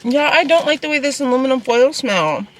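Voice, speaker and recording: A young woman vlogger chats casually inside a parked car while eating, rambling and talking with her mouth full. Her voice sits high, with lively intonation and a slightly fast pace, and there's a bit of hiss or hum in the recording.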